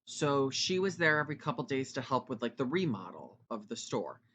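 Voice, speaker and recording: Fast, loud, bright-voiced young man. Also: mid-range voice, big pitch swings, muffled recording. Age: 20s. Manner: talks fast and loud, rambling asides. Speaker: podcast host. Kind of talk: casual solo podcast chat.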